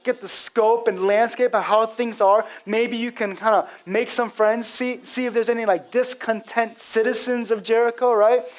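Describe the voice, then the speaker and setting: A man's voice: very high voice, poor audio. A male pastor giving an expository sermon in a casual storytelling manner, acting out quotes with frequent fillers.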